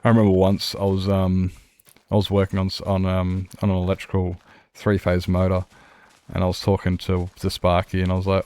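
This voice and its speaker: A man's voice: deep voice, monotone, a little fast, a little mellow, no room sound. A man streaming a game, chatting loosely and laughing at himself. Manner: rambling, laughs often, self-mocking. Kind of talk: casual gaming stream chat.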